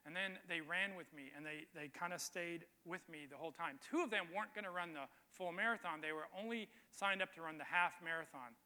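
Male pastor, slightly high and very bright voice, loose storytelling sermon, long reverb of a church hall. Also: a little fast, hardly any pauses. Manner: conversational storytelling with emphatic repetition.

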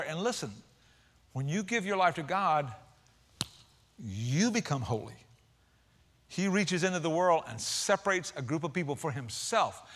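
Male pastor, high bright voice, lively casual preaching with slang asides. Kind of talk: sermon.

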